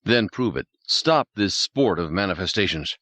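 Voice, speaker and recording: A man voicing a calm, persistent male psychologist who speaks earnestly and insistently. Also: deep voice, moderate pace, dry recording, exaggerated voice.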